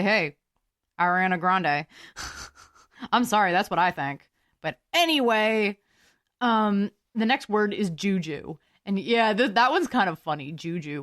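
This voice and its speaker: A woman's voice: mid-range voice, fairly bright tone, no echo, clean studio sound. A young woman hosting a solo podcast, musing aloud in a chatty, giggly way. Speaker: podcast host.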